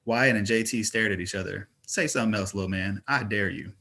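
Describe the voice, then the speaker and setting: A man's voice: lowish voice, a little fast, creaky, sharp tone, heavily acted. A man reading a mock-stern young dad. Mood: playful. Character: twenty-year-old father, joking and flustered.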